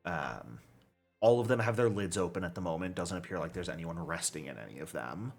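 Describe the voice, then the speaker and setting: A man running a tabletop game as game master, narrating in a relaxed, descriptive way. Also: low voice, a little fast, creaky, faint music behind.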